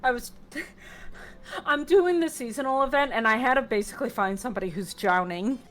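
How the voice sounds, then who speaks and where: Older woman with a fairly high voice, chatty. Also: normal speed, soft background music, rough recording. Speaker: guest player. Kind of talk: casual chat while gaming.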